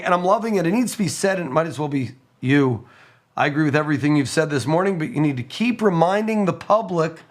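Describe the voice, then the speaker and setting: A man hosting a call-in radio show, chatting casually and reading listener messages, his voice hoarse. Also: on the high side.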